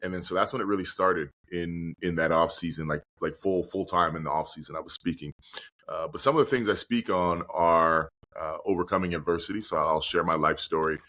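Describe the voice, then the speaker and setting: A man's voice: low voice, a little fast, pushed and bright. A man speaking earnestly and reflectively as a podcast guest and motivational speaker. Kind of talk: conversational interview.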